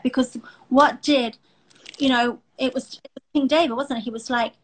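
A woman's voice: fairly high pitch, steady tone, normal speed, fairly bright tone, rough recording. A middle-aged woman hosting a faith talk show, speaking earnestly and emotionally with many restarts. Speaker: host.

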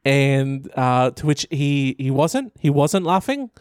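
A man's voice: mid-range voice, big pitch swings, smooth, dry recording, clean studio sound. Man putting on a rambling New Zealand teacher. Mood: defensive. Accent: New Zealand, put on. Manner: rambling, halting, self-satisfied. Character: frustrated male schoolteacher defending himself, middle-aged. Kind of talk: comic impression in a commentary video.

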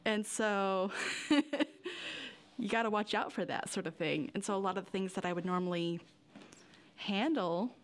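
A woman's voice: mid-range voice, moderate pace, long pauses. A young woman giving a candid personal interview, rambling with lots of fillers and nervous little laughs. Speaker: interview guest.

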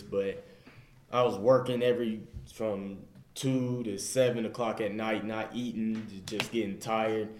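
Earnest young man, low voice, roomy echo. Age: young adult. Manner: earnest, rambling, leans on "I was just like". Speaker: student athlete sharing in a faith group. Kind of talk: casual personal testimony.

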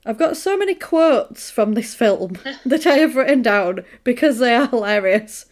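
A woman's voice: fairly high pitch, lively intonation, moderate pace. A woman co-hosting a podcast, retelling a film in a chatty, amused way. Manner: chatty, amused storytelling with quoted asides. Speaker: podcast co-host. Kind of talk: casual chat.

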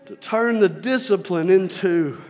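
A man with a high voice preaching a sermon. He shifts between quiet, joking asides and loud, impassioned peaks, and a long reverb trails his words through a large hall. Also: a little slow. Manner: preaching, swings from soft asides to shouted climaxes. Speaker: pastor.

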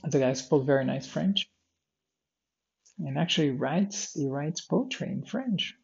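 A man's voice: on the high side, lively intonation, measured pace, vocal fry, darkish tone, breathy edge, lo-fi sound. A tired, yawning man talking through his day in a rambling diary style, full of fillers and restarts. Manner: meandering, many fillers and restarts, drifts off topic. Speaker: vlogger recording a daily audio diary. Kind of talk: rambling personal diary talk.

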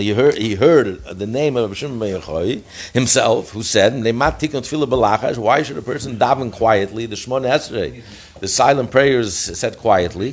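Lively male Talmud teacher. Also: medium pitch, breathy edge. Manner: explains and translates each phrase, self-correcting. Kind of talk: daily page study lesson.

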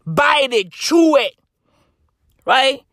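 A South African man delivering a profane comedic rant straight to camera, animated and bursting into shouts. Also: very high voice, drawn-out words, no room sound, studio quality.

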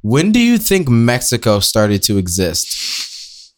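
A man's voice: medium pitch, huge pitch swings, takes it slowly. A man hosting a podcast, rambling through goofy tangents in casual, jokey banter. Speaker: podcast host.

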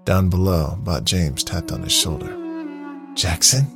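Deep, gravelly male storyteller. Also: normal speed. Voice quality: husky, creaky. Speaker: narrator. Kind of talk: scripted story narration. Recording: dry close mic, faint music.

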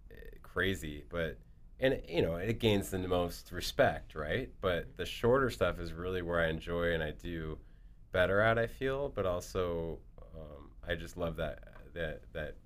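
A middle-aged man who sits low in his voice is a guest telling stories in casual conversation. He's animated, acting out the quotes and lowering to a hush whenever things get tense.

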